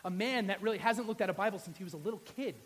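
A man preaching a sermon as a pastor, telling a story with emphatic repetition and swinging between loud and hushed delivery. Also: high voice, rapid-fire, a little hiss or hum.

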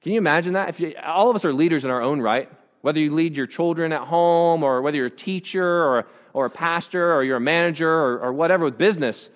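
A man's voice: on the high side, fast talker, in a large hall. A pastor preaching a conversational sermon to his congregation, often restarting his phrases. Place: church.

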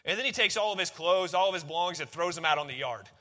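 A man's voice: a little high, lively intonation, quick pace, sharp tone. A man preaching a sermon, conversational and emphatic, often repeating key phrases. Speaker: pastor.

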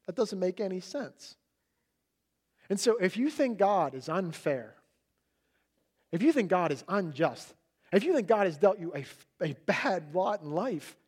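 A middle-aged man preaches a sermon in a fairly high voice. He tells family stories with lots of energy and loudly acts out his toddler's excited shouts. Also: slightly rough. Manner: animated storytelling, acting out his toddler's shouts. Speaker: pastor.

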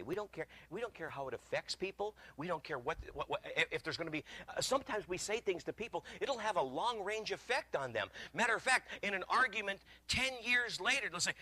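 A middle-aged man preaching as a guest pastor, telling stories conversationally and swinging from loud emphasis to quiet asides. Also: high voice, slightly rough, rough recording. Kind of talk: sermon.

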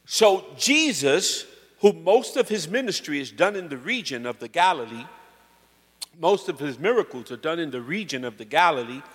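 Male pastor, lively sermon, slangy, high voice, echoing church hall. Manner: animated, slangy, asks the crowd for amens.

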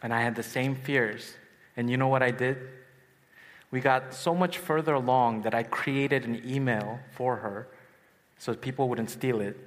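A man in his thirties preaching a sermon at a youth retreat, telling a personal story with swings from hushed to excited. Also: mid-range voice, a little slow. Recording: long hall reverb.

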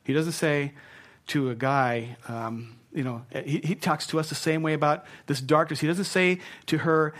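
A man preaching a sermon as pastor, earnest and emphatic, dropping soft for tender points. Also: on the high side, moderate pace.

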